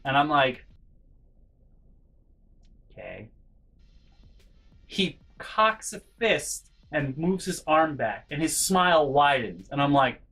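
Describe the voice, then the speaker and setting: A man vlogging a personal story in an animated way, swinging between hushed and loud and swearing freely. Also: fairly high pitch, measured pace, few pauses, poor audio. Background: faint background music.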